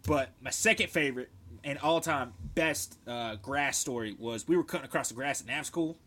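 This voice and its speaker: A young man on a casual podcast, telling military stories in an animated, swearing way and shouting out the lines he quotes. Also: medium pitch, normal speed. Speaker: podcast co-host, military veteran. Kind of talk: casual storytelling chat.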